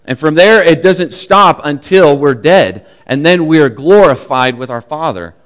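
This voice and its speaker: A man's voice: on the high side, lively intonation, a little slow. Earnest man preaching a sermon. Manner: earnest, confessional storytelling. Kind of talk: sermon with personal stories.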